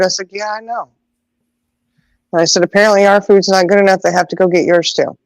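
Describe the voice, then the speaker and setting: Speaking at a medium pitch, this middle-aged podcast host chats casually and tells stories, animatedly performing the voices in her quotes. Frequent laughter and drawn-out exclamations mark her delivery; the recording is low quality with no room sound.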